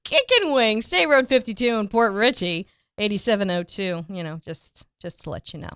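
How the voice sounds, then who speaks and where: A woman's voice: mid-range voice, expressive, moderate pace, fairly bright tone, smooth, no echo, studio quality. A woman hosting a casual radio talk show, chatty and laughing often.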